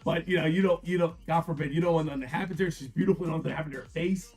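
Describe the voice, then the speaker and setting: A middle-aged man hosts a live card-break stream, talking bluntly and casually, swearing freely, telling stories and greeting viewers by name. He talks very fast in a fairly high, slightly mellow voice with fairly even intonation. Faint music sits behind him.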